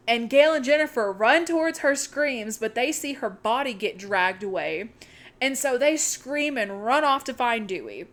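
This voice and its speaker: A young woman co-hosting a podcast, excitedly retelling a movie's plot in casual chat and swearing freely. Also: a little high, unhurried. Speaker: podcast co-host.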